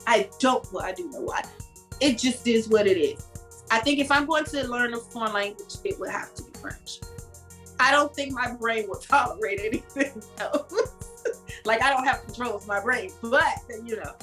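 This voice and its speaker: A woman co-hosts a casual podcast, chatting loosely with plenty of fillers and frequent laughter. Her voice sits fairly high and sounds bright and forceful. Faint music plays underneath. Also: moderate pace, rough recording. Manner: laughs often, rambling fillers. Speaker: podcast co-host. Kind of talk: casual chat.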